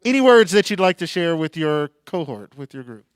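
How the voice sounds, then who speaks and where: High-voiced playful male emcee. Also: big pitch swings, brisk, clear, resonant tone, no echo. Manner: playful, hyping the crowd. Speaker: event emcee. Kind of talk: live awards announcing. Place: event hall stage. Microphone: handheld microphone.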